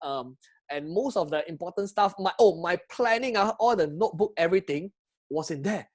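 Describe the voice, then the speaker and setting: A man with a Singaporean English accent, telling a travel story to camera in an excitable, chatty way and asking his viewers questions. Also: high-pitched, normal speed. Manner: excitable, chatty, asks viewers questions, frequent laughs and restarts. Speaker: travel vlogger. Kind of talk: animated personal storytelling to camera.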